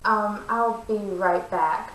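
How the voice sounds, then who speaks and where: A woman's voice: mid-range voice, takes it slowly, fairly bright tone, roomy sound, slight background noise, low-quality recording. A woman reading a storybook and voicing a kind, shy young baker who is polite and easily flustered.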